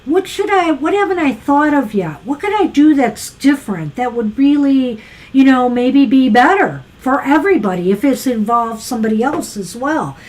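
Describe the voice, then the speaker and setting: A woman with a high, light voice talks through a tarot reading on a live show. Her delivery is casual and thoughtful, dotted with ums and you-knows as she muses over what the cards suggest. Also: expressive, normal speed, darkish tone, rough recording. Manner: thoughtful, musing, frequent fillers. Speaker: tarot reader co-host.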